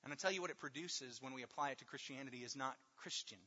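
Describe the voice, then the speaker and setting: A man preaching a sermon, emphatic and repetitive, drawing out key words slowly for stress. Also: mid-range voice, pushed and bright, breathy edge. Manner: emphatic, with rhetorical repetition and slow drawn-out stresses. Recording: long hall reverb, dull lo-fi sound.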